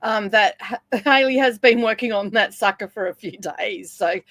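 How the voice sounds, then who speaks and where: A Scottish woman hosting a casual livestream chat, talkative and quick to laugh. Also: mid-range voice, fairly bright tone, dry recording, studio quality. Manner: chatty, laughs often. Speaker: livestream host.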